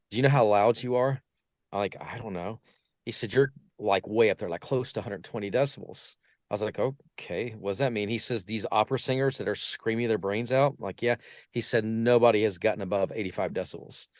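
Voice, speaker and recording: A man's voice: mid-range voice, no echo, clean studio sound. A man telling stories as a podcast guest, acting out the voices of people he quotes. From Portsmouth. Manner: lively anecdotes, acts out quoted voices. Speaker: podcast guest, vocal coach. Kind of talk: casual storytelling interview.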